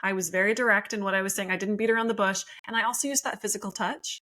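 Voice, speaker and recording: A woman in her thirties speaks as a therapist guest on a podcast, her voice bright and forward. She explains her points in a friendly, easygoing way and laughs easily. Her pitch sits at an ordinary middle height. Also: fairly even intonation, racing, slight background noise, rough recording. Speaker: marriage and family therapist guest. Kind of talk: podcast interview.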